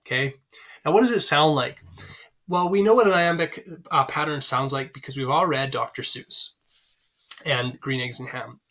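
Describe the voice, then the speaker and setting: A man's voice: medium pitch, normal speed, bright, forceful tone. A man teaching a literature lesson in a chatty way, with frequent fillers and questions to the class. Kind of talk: recorded literature lecture.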